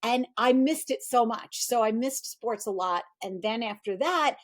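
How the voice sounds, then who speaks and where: A middle-aged woman with a fairly high voice tells stories as a guest in a casual interview. She is animated and acts out what other people said in a higher, bouncing voice. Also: measured pace. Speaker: guest, performance coach.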